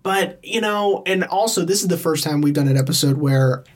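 Animated, jokey podcast co-host. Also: female voice, sits low, slight background noise. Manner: animated, quick jokey banter with voices for quoted people. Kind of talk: casual movie chat.

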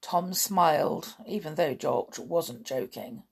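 A woman narrating a children's story aloud, expressive, with dramatic pauses. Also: lowish voice, creaky, breathy edge. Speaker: audiobook narrator.

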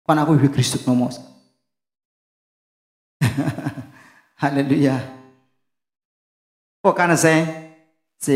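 Man, pastor, call-and-response sermon, fairly high voice, echoey church with soft music. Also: fairly even intonation, slow, long pauses. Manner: asks questions for the congregation to finish, mixes in local language.

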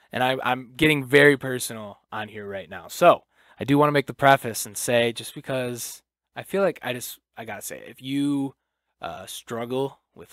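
A man's voice: mid-range voice, dry recording. Young dude rambling on his podcast, dry close mic, swears a lot. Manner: casual, swears freely, lots of fillers and restarts. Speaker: podcast host. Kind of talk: casual solo podcast monologue.

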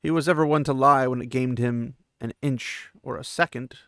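A man's voice: mid-range voice, fairly even intonation, moderate pace, a bit bright, no echo, clean studio sound, lightly acted. A man voicing an ancient, scornful male sorcerer villain who taunts and threatens coldly. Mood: menacing. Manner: cold, mocking and threatening.

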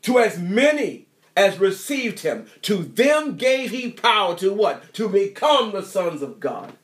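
High-voiced man preaching emphatically. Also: sing-song, unhurried, fairly bright tone. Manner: emphatic, repetitive, rhetorical questions. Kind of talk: sermon. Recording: echoey room.

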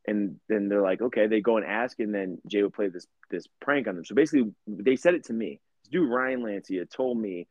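A man's voice: on the low side, a little fast, hardly any pauses, dry recording, muffled recording. Foul-mouthed young man telling stories. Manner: profane, rambling, animated storyteller. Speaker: podcast co-host. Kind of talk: casual storytelling chat.

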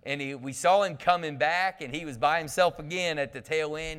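This pastor's voice is fairly high, brisk, clear, and resonant as he delivers lively, funny camp stories from the pulpit and calls out to his congregation. The sanctuary's long reverb fills in behind him.

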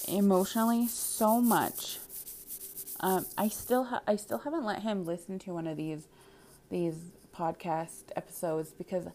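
Mom podcaster, kinda low mellow voice, rambly and honest, lots of ums and restarts. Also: female voice. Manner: rambling, candid, frequent restarts and fillers. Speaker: podcast host. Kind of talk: candid personal storytelling.

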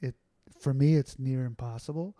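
A man's voice: medium pitch, normal speed, dark tone, no room sound. A man talking casually as a podcast guest, rambling and candid, with many fillers and restarts. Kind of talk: casual conversational storytelling.

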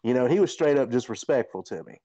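A man who hosts a podcast and fights speaks fast in a mid-range voice, rambling through a profane, animated anecdote in casual conversation. The recording is dry and lo-fi.

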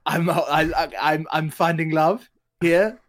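Casting note: awkward, stammering dark lord wizard, somewhat high voice, played by a man at the table. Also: steady tone, slow pace. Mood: rambling. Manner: rambling, stammering restarts. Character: reformed dark lord wizard, male adult, awkward, rambling. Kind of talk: tabletop role-play in character.

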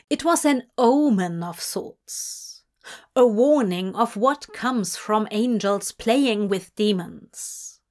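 A woman reading a fanfic audiobook as measured scripted narration. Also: medium pitch. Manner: slow, measured storytelling.

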